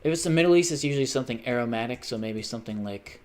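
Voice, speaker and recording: A man's voice: medium pitch, animated, rapid-fire. Rambling, cursing man streaming a game. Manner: rambling, profane, jumpy tangents. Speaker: gaming livestreamer. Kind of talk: casual chat while gaming.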